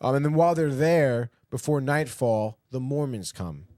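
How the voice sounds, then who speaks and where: With a medium-pitched voice at normal speed, a man on a podcast gives a casual, animated recap of a TV episode. He voices characters' lines offhandedly and swears plenty, in studio-quality audio with no room sound.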